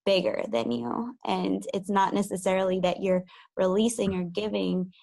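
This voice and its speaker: A woman caller on a live call asking a question hesitantly, with many pauses and restarts. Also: medium pitch, fairly even intonation, creaky, a little mellow.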